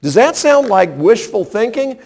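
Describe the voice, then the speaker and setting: A male pastor delivers a sermon with a high-pitched voice. He is emphatic and talks straight to his listeners, leaning on rhetorical questions. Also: sing-song, measured pace, a little mellow.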